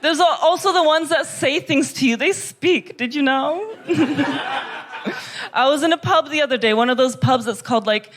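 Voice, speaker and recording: A woman's voice: high voice, normal speed, background noise. A woman from Kazakhstan performing a stand-up comedy set, full of sarcastic, mock-gushing irony. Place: comedy club.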